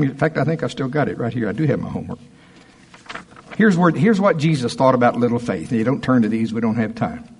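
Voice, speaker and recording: Brief: male pastor, husky, mid-pitched, emphatic sermon delivery. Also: a little mellow. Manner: emphatic, conversational preaching with rising punches.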